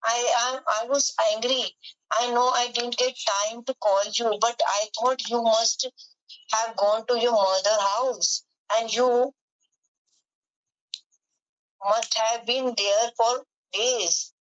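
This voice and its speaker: A woman's voice: fairly high pitch, fairly even intonation, slow, clear, resonant tone, lo-fi sound. A woman voicing a remorseful husband who begs his lost wife for forgiveness, in a pleading, apologetic way.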